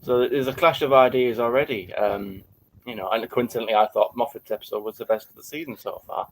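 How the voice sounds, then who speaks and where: A man talks on a podcast at an average pitch, hesitant and halting. He keeps repeating words and starting his sentences over. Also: a little hiss or hum, low-quality recording. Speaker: podcast co-host. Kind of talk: casual podcast discussion.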